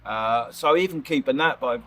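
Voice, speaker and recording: A man's voice: mid-range voice, normal speed, a bit bright, slight background noise. An English man with a Norwich accent chatting in a casual interview, rambling and laughing with many restarts. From England. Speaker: vlogger, interview guest. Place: outdoors at a lakeside park.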